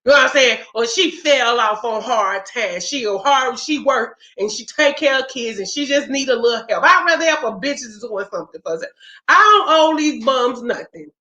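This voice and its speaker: A woman, talking casually to her viewers in a blunt, profane, animated way. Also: sits high, normal speed. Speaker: spiritual practitioner vlogger. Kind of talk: casual livestream chat. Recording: roomy, dull lo-fi sound.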